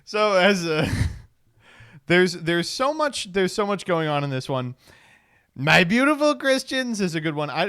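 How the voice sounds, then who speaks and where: A man's voice: on the high side, a bit bright. A man hosting a stream, casually commenting on clips with a sarcastic tone, frequent laughter and free swearing. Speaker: streamer host.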